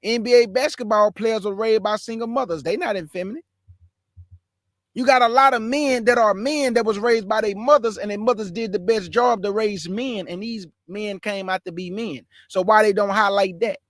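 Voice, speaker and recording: A man's voice: high-pitched, moderate pace, no room sound, clean studio sound. A male preacher delivering an impassioned sermon with an emphatic, repetitive cadence.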